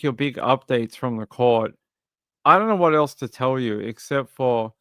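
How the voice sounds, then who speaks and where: A man's voice: mid-range voice, a bit bright, clear, resonant tone, dry recording. An Australian man hosting a true crime livestream, reading out case details and then chatting loosely with viewers in a rambling way. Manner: rambling, reads news aloud then chats to viewers. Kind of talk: casual livestream commentary.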